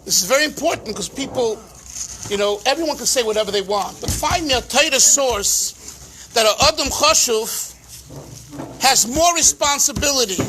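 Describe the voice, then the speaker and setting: A man, a rabbi, giving a farbrengen teaching talk with animated storytelling and emphatic repetitions. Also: extremely high pitch, normal speed, a little hiss or hum.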